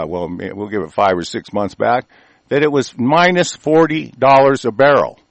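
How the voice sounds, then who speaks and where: A man's voice: mid-range voice, dry recording. Angry profane man ranting. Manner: angry, profane, rambling with restarts. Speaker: host reading and ranting on air.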